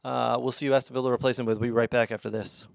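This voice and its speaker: A man's voice: mid-range voice, level tone, very fast, vocal fry, faint music behind. A middle-aged man hosting a casual sports show, rambling through sponsor reads with plenty of uh and um. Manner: chatty, rambling, lots of uh and um fillers. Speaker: podcast host.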